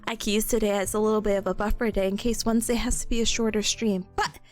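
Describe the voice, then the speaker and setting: A young woman streamer chatting casually on a livestream, bubbly and playful, her voice hoarse from coughing. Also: medium pitch, steady tone, fast, a little mellow. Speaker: VTuber streamer. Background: faint background music.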